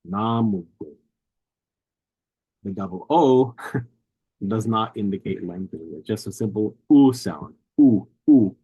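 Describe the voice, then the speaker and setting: A man's voice: on the low side, darkish tone, slightly rough, poor audio. A man teaching a language lesson, patiently repeating each word several times to model its pronunciation.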